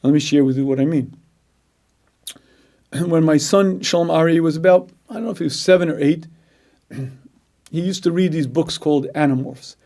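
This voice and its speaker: A man, a rabbi teaching a Torah class, who speaks earnestly, repeats key phrases for emphasis and keeps clearing his throat. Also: fairly high pitch, normal speed, long pauses, mellow.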